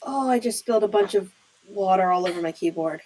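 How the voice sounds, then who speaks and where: A woman's voice: mid-range voice, a little fast, darkish tone, a little hiss or hum, poor audio. A young woman chatting as a guest on a casual podcast, giggly and playful. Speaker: podcast guest, board member. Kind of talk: casual chat.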